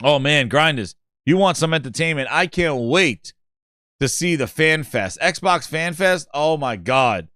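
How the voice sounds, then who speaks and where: A man's voice: a little high, lively intonation, measured pace, sharp tone, dry recording, studio quality. Rambling, crude gaming vlogger man. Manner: rambling, profane, mocking. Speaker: gaming channel host. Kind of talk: casual gaming commentary.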